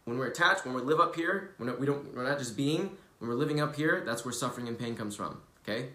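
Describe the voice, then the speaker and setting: Bright-voiced man, casual spiritual vlog. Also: medium pitch, animated, fast. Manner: loose, swears freely, earnest and preachy. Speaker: spiritual wellness vlogger. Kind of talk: casual motivational vlog talk. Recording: roomy echo.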